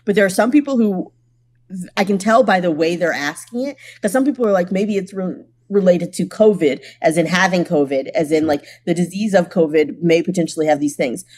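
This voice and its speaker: Brief: young woman comic guest, low voice, wry storytelling banter. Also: fairly quick, darkish tone. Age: young adult. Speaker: comedian guest. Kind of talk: casual podcast chat.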